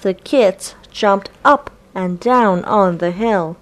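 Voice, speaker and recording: A woman reading a children's storybook aloud, slow and deliberate for young listeners. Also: mid-range voice. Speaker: storybook reader.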